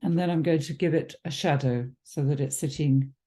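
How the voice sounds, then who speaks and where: A watercolour art teacher gives a relaxed painting demonstration, chatting and thinking aloud with ums and self-corrections. Her voice is deep, and she moves at a moderate pace.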